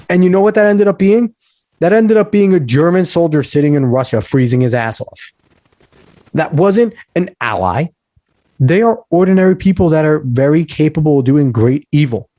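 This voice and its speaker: A man's voice: a little high, lively intonation, moderate pace, mellow, no room sound. A man hosting a podcast, ranting with heated emphasis and lecturing on history. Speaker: podcast host. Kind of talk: casual podcast talk.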